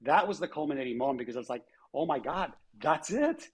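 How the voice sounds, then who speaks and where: A man's voice: on the high side, brisk, husky, low-quality recording. A man in his sixties, a former airline chief executive, telling stories in a conversational interview with lots of restarts and voiced quotes. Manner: animated storyteller with frequent restarts and quoted voices.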